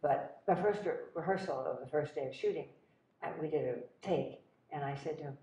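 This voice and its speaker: An older actress telling animated stories about her career in a casual interview. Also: low-pitched, a little fast. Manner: animated, breathless anecdotes with laughs. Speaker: guest actress. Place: cinema. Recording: roomy, distant, dull sound.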